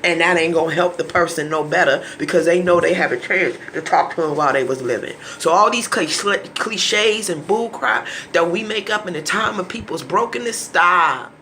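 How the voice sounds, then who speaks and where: A man giving an impassioned monologue to his viewers, pleading and preachy, often sinking to a hushed near-whisper and stumbling over repeated words when emotional. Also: high voice, moderate pace, hardly any pauses, slight background noise. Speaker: vlogger.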